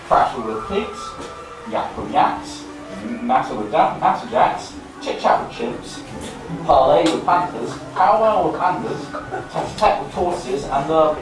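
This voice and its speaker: A man's voice: mid-range voice, lightly acted. A man playing a dry, teasing talking horse in a school stage play, recorded from far off in an echoey hall. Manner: dry, teasing, full of wordplay. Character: wry talking two-legged horse, cautious and dry.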